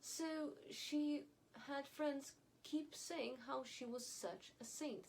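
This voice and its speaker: A woman's voice: high voice, takes it slowly, vocal fry, a little mellow, a little hiss or hum, low-quality recording. A woman vlogger giving opinionated, wry commentary straight to her viewers, with mocking repetition. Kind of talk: casual commentary to camera.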